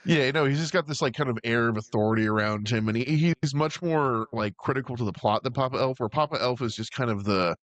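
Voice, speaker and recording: A man co-hosting a casual movie-review podcast, animated and swearing, often slipping into jokey character voices. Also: mid-range voice, fast, few pauses. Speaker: podcast co-host.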